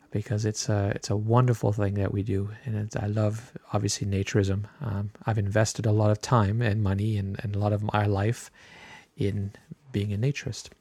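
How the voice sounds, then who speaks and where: A middle-aged man hosting a podcast, telling a personal story in a relaxed, chatty way with many filler words. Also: on the low side, no room sound, clean studio sound. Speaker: podcast host.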